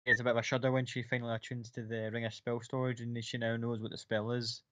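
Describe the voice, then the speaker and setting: A man's voice: medium pitch, flat delivery, fast talker, a bit bright. A man narrating a tabletop game as game master, in a casual way full of fillers and swearing. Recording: dull lo-fi sound.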